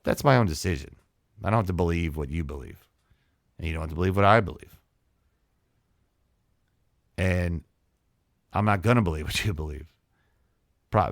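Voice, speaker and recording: A man with a very low voice, hosting his own podcast. He talks alone in a heated, repetitive rant, firing off the same question over and over and swearing freely. The recording is dry, with almost no room sound. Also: a bit bright, no room sound. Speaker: podcast host. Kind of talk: solo podcast monologue.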